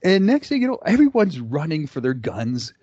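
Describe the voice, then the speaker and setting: A middle-aged man tells stories to an audience in a loose, conversational way, often pausing on "uh" and breaking into the voices of people in his anecdotes. His voice sits a little high for a man. The recording is dry and muffled, with little room sound. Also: huge pitch swings, darkish tone, breathy edge, no echo. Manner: conversational, with frequent "uh" fillers and acted-out quotes. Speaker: presenter. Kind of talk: storytelling presentation.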